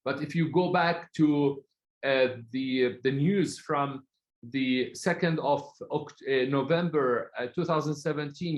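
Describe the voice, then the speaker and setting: A man from Palestine, speaking as a guest in an online talk in an earnest, halting way, often searching for words. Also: on the high side, reverberant, dull audio.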